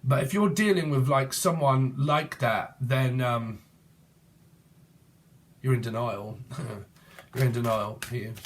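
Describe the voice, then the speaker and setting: A man's voice: mid-range voice, slow pace, long pauses, a little hiss or hum. A man, giving a rambling, casual tarot reading and free-associating while swearing freely. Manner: free-associating, swears, breaks into song snatches. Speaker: tarot reader.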